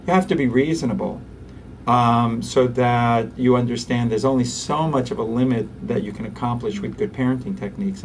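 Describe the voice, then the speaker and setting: A man, a pediatrician and interview guest, who talks animatedly and acts out quick voices for parents and toddlers. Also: mid-range voice, a little mellow, recorded from a distance, slight background noise. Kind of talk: conversational interview.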